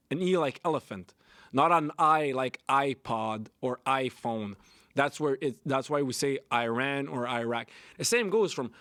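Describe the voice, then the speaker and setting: A man's voice: fairly high pitch, fairly bright tone, dry recording, studio quality. A young man hosting a solo podcast, ranting bluntly with lots of swearing and repetition. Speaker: podcast host. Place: Canada.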